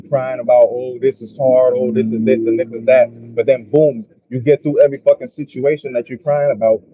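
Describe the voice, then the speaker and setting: A man's voice: mid-range voice, slightly rough, narrow, tinny audio. A man giving a profane, repetitive motivational monologue in a casual vlog. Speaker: motivational vlogger.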